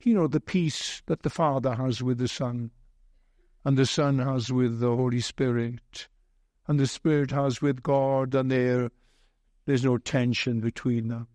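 A man preaching a sermon as pastor, earnest and heavy with repetition and pauses. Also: medium pitch, flat delivery, dark tone, no room sound.

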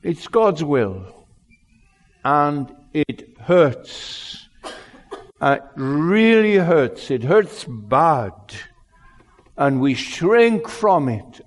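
A male pastor preaching a sermon in an earnest, unhurried way, his loudness rising and falling. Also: a little high, animated. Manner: slow, earnest preaching with wide swings in loudness. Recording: long hall reverb.

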